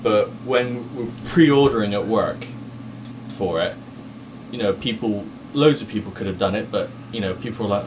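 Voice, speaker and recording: A man's voice: medium pitch, animated, a little fast. A man co-hosting a casual podcast, hesitant and often restarting his sentences. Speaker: podcast co-host. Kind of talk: casual banter. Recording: distant mic with clear background noise.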